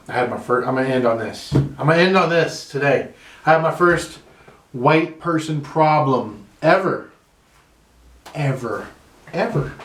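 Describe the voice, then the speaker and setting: A man doing a loose, self-deprecating comedy monologue from his room. His voice sits a little high and he swears freely as he rambles. The room adds a noticeable echo. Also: fairly bright tone. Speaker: stand-up comedian. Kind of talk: casual comedy monologue to camera. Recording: roomy home room echo.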